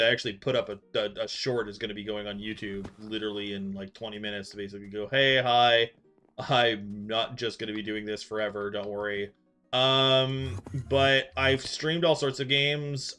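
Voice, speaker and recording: Young man, from Canada, live-stream chat, bright forceful voice, rambling with lots of ums, soft music behind. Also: lowish voice. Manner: rambling, filler-heavy, distracted while playing.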